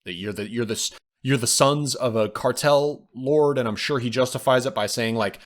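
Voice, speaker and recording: A man's voice: mid-range voice, moderate pace, few pauses. A man co-hosting a podcast, casually retelling film scenes and acting out the quoted lines. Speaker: podcast co-host. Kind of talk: casual film review chat.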